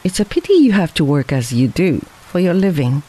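A reader voicing a strong, hearty gentleman who speaks firmly and reassuringly. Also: a little high, big pitch swings, a little fast.

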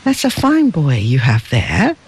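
A man reading a story aloud, voicing a male customs officer who speaks in a brisk, official, matter-of-fact way. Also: a little high, wildly swooping pitch, breathy edge, exaggerated voice, poor audio. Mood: friendly.

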